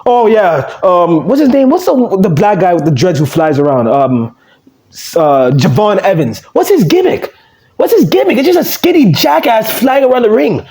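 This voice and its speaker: A man with a high, bouncy voice vents about wrestling in a loose vlog rant. His tone is mellow and low in edge, but his talk is blunt, profane and fed up. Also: sing-song, moderate pace. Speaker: wrestling vlogger. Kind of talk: casual ranting commentary.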